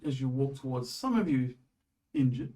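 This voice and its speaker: Halting male game master, a bit off-mic. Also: mid-range voice, big pitch swings, mellow, recorded from a distance, rough recording. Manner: halting, with restarts. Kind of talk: narrating a tabletop game.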